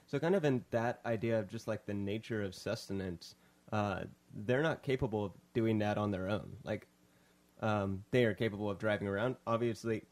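A man's voice: on the low side, normal speed, a little mellow. A man hosting a casual film review podcast, rambling and joking with lots of restarts. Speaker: podcast host.

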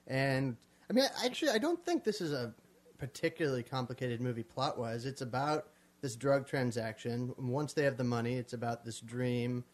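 Guy co-hosting a movie podcast, calm and measured, sums up plots. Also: mid-range voice. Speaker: podcast co-host. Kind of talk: casual film review chat.

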